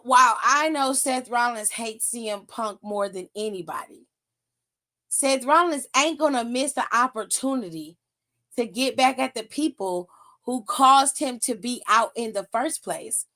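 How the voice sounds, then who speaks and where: Young woman, highish voice, slow blunt cussing rant on a wrestling recap show. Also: animated, bright, forceful tone. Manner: blunt, profane, exasperated, laughs and pitch jumps up when mocking. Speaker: wrestling aftershow host.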